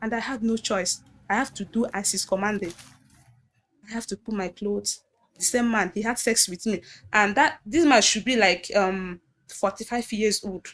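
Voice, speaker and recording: A woman with a Nigerian accent giving a personal testimony in an earnest, halting way, often repeating phrases and restarting. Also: mid-range voice, a bit bright. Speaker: guest recounting abuse.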